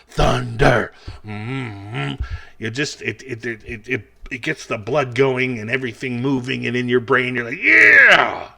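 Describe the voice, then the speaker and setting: A man's voice: mid-range voice, flat delivery, normal speed, few pauses, bright, forceful tone. A man doing a taped stand-up comedy set, talking in a rambling, self-mocking way full of chatty asides. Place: taped show without live audience.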